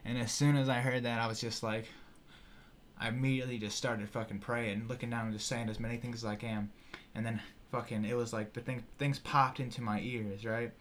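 A young man telling a wild personal story in casual podcast talk, animated and profane, with lots of "you know" and "like". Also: medium pitch, fairly quick, a little hiss or hum. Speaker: podcast guest.

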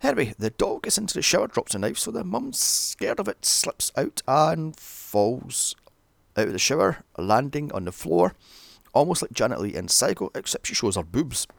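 A man's voice: mid-range voice, very animated, normal speed, creaky, no room sound. A British man recapping a horror film with sarcastic, profane asides. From Britain. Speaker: film reviewer. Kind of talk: sweary comedic movie recap.

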